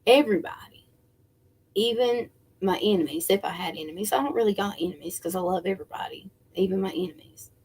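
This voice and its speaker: A middle-aged woman chatting casually to viewers, rambling with many fillers and restarts. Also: mid-range voice. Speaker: spiritual livestream host.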